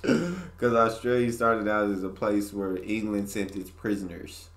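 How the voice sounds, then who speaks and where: Low-voiced, slangy guy in an echoey room. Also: a little slow, slight background noise. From United States. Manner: loose, slangy, exclaiming. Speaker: reaction video host. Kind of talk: casual reaction chat. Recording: roomy echo.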